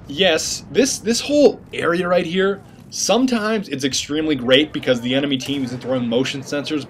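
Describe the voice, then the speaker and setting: A man's voice: a little high, slight background noise. A man giving casual gameplay commentary, joking and rambling in slang with mock-serious asides.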